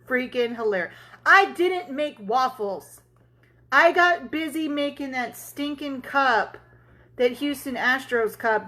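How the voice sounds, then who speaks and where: High-pitched and a bit bright, this woman's voice leads a casual tumbler crafting livestream. While she works she chats through a story, talks with viewers and answers them, swearing and laughing freely.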